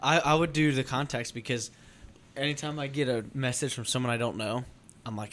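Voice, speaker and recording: A man's voice: mid-range voice, steady tone, brisk, fairly bright tone. A man co-hosting a casual podcast, joking around and jumping into the talk. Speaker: podcast co-host. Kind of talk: casual chat.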